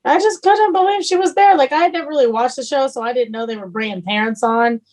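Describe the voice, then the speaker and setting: A woman from Texas, a chef guest on a casual podcast, telling stories in an animated way. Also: sits high, fast. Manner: animated storyteller.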